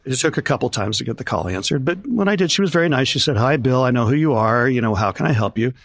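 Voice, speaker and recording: A man's voice: medium pitch, lively intonation, fast, creaky, fairly bright tone, dry recording. An older man, a concert promoter, telling stories in an interview and acting out the voices of people he quotes. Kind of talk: storytelling in an interview.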